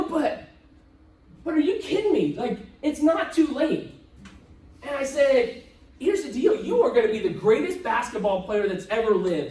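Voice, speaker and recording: Animated man speaking in an echoey hall. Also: extremely high pitch, normal speed, distant mic. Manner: animated, acts out both sides of dialogue. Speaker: motivational speaker. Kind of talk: live seminar storytelling. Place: event hall with live audience.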